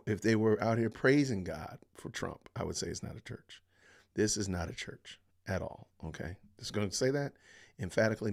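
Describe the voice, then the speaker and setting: A man hosting a live-stream podcast, reacting with exasperated commentary, sighing and talking to his viewers. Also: slightly rough. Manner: exasperated, sighing, lively pitch swings. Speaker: podcast host.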